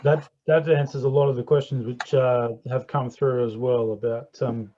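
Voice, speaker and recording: Male forum host, hesitant and friendly, mellow voice, muffled call sound. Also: mid-range voice, flat delivery, moderate pace, slight background noise. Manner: hesitant, many fillers, friendly. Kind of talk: hosting an online forum. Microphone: video call. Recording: dull lo-fi video call audio.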